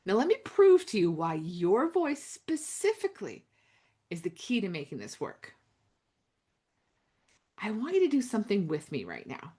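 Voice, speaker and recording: A woman coaching listeners through spoken affirmations, slow and intimate, with dramatic pauses and drops to a near whisper. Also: mid-range voice, huge pitch swings, mellow, slightly rough. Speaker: self-help coach. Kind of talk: guided affirmation talk.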